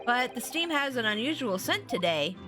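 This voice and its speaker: Kobieta grająca grzecznego młodego prawnika. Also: female voice, fairly high pitch, sing-song, normal speed, music in the background. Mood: earnest.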